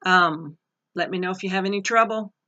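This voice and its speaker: A woman teaching a recorded online pronunciation lesson, reading word lists slowly and carefully with pauses and fillers. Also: on the low side, sharp tone. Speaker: Spanish teacher. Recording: dull lo-fi recording.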